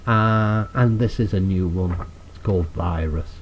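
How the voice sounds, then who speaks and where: A man's voice: deep voice, a little slow, muffled recording, slight background noise. A man reciting his own rhyming poems, with dry, self-deprecating asides between them. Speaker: poet.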